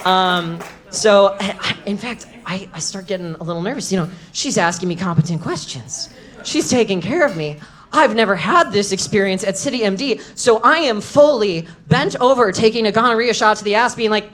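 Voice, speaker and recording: A comedic storyteller telling a live story to an audience, animated and bursting into loud shouts at punchlines. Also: female voice, mid-range voice, moderate pace. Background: audience laughter.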